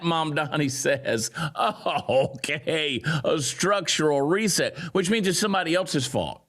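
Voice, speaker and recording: A man giving sarcastic, mocking political commentary, swinging from loud jeers down to low grumbles. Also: a little slow, hardly any pauses. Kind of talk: ranting commentary.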